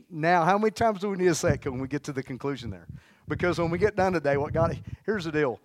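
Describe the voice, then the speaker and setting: A man delivering an energetic church sermon in a fairly high voice. He calls out exclamations and has the congregation repeat lines back to him. The sound is dry and close. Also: fairly quick, dry recording. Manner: energetic, exclamatory, leads call-and-response. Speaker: preacher.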